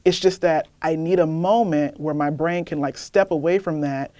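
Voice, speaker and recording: A young woman poet, candid and animated, talking about her reading life in an interview and then reading her poem aloud. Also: deep voice, normal speed, no room sound. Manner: candid, animated, laughs often. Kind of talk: casual interview chat, then poetry reading.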